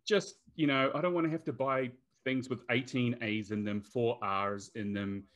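A man's voice: mid-range voice, fairly even intonation, normal speed, fairly bright tone. A man with a New Zealand accent, a guest in a casual whisky tasting chat, joking in a dry, self-mocking way.

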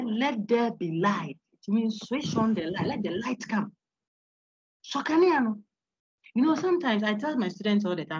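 Animated woman lecturing online. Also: mid-range voice, slightly rough, dry recording, muffled recording. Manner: animated, laughs often, asks students questions. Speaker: university lecturer.

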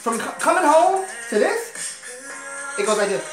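A woman's voice: high voice, a little slow. Chatty woman reacting to music at home. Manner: chatty, excitable, talks straight to viewers. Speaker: reaction video host. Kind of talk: casual album reaction chat. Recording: roomy with faint music behind.

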